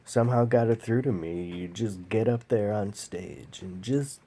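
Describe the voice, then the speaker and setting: A man tells a personal story straight to the camera, unhurried and halting. His voice is dark and gravelly, and it sits a little low. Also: slight background noise. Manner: slow, halting and emotional, with pauses and fillers. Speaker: vlogger.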